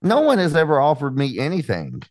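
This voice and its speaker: A man in his forties guesting on a podcast in casual chat, telling wry deadpan stories. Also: fairly high pitch, fairly quick, dry recording, clean studio sound. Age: 40s.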